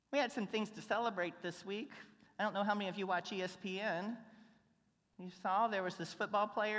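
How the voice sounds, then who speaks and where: A preacher delivers a sermon in a church sanctuary at an ordinary middle pitch. Long reverb from the hall trails each phrase. The delivery is conversational and story-driven, dropping to a near hush and then rising to emphatic points. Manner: conversational storytelling, swinging between hushed and emphatic. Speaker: pastor.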